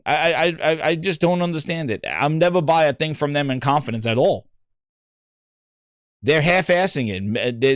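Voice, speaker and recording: A man hosting a gaming podcast, ranting in casual chat, animated and exasperated, rambling with frequent restarts. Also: fairly high pitch, no echo, studio quality.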